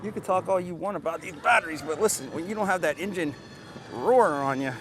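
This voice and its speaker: A man's voice: on the high side, a little fast, a little hiss or hum. A man casually reviewing and demonstrating a riding mower outdoors, chatty and enthusiastic, explaining each step. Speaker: tool reviewer. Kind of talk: casual product demo vlog. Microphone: camera mic, at times an action camera on the mower.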